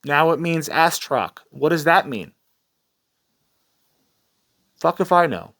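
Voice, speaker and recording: A man's voice: fairly high pitch, lively intonation, slow, gravelly, fairly bright tone. A man ranting in a heated, sarcastic commentary vlog, swearing freely. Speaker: commentary channel host.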